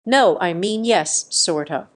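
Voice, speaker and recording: A woman's voice: mid-range voice, moderate pace, natural voice. A woman voicing a panicky, pushy middle-aged father in debt, who talks in a snappish, defensive way in a narrated story.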